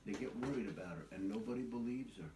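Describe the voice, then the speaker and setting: An older man, a grandfather, telling a children's story at home in a gentle, patient way. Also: lowish voice, fast talker. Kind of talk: bedtime storytelling. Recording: echoey, distant, noisy home recording.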